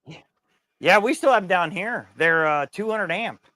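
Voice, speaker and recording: Middle-aged man with a high voice, casual, animated storyteller. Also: normal speed, dry recording. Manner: animated storytelling, swearing, laughing. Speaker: streamer telling a work story. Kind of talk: casual chat.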